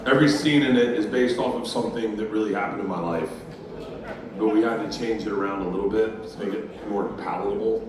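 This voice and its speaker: A man doing a stand-up comedy set, telling a profane, loud story. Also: lowish voice, fairly quick, heavy background noise. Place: live comedy club with a crowd. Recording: far-off room mic, loud crowd and echo. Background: audience laughter.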